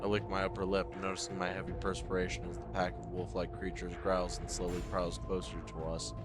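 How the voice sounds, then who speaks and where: A man's voice: sits low, completely flat delivery, fairly quick, over loud music. A man narrating a story game in the first person, playful, with jokey asides. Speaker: game reader and streamer.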